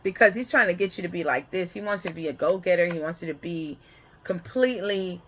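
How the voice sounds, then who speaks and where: A woman gives a casual spiritual reading in a bright, forward voice. She rambles from one thought to the next and often checks in with the listener. She laughs often. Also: fairly low pitch, fast talker. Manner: rambling, keeps checking in with "okay?". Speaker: spiritual card reader.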